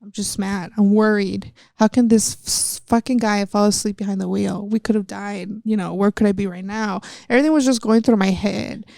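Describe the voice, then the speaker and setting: Gravelly-voiced woman telling her story. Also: medium pitch, fairly even intonation, normal speed, few pauses, mellow, no room sound. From Texas. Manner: earnest, retelling events step by step. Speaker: guest, professional wrestler. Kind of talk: candid interview storytelling.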